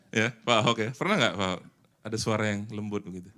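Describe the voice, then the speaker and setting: Pastor preaching in church, lively and jokey, bright forceful voice. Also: male voice, medium pitch. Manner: animated, teasing the congregation, mixing English with Indonesian. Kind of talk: sermon.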